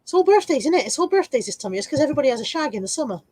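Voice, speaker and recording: A woman's voice: very animated, very fast, darkish tone, no room sound, rough recording. A woman hosting a casual live stream from home, reading viewer comments aloud and laughing easily. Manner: high baby-talk voice to her dog.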